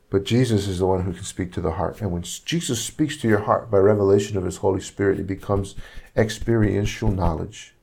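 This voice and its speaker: A man's voice: on the low side, creaky, dark tone, husky. A man preaching a sermon, telling a story earnestly and acting out each person's lines as he goes. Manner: retells conversations, acting out each speaker's lines; earnest, repeats himself while searching for words.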